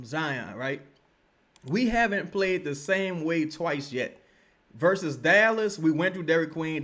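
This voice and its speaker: A young man from Louisiana, doing profane, animated live-stream basketball commentary and repeating "right?" to make his points. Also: on the high side.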